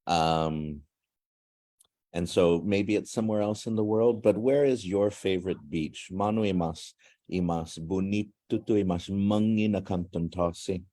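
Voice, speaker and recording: A man's voice: deep voice, unhurried, warm tone. A man from Guam hosting a language class showcase over a video call, chatty and joking as he switches between languages. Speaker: language class teacher and host.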